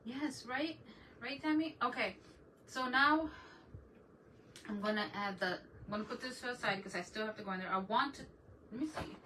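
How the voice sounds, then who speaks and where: A woman's voice: on the high side, normal speed, long pauses, bright, forceful tone. A middle-aged woman hosting a casual DIY craft livestream, chatting with viewers and laughing often as she works. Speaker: DIY craft channel host. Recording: voice a bit far from the mic, faint background noise.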